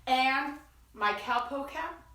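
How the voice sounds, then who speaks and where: A bright, sharp-toned woman hosts a children's story time, drawing out her words slowly in a sing-song, animated way. Her voice rings in an echoey room, picked up from a little away from the mic. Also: sits high, recorded from a distance, slight background noise. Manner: animated, sing-song, leads call-and-response.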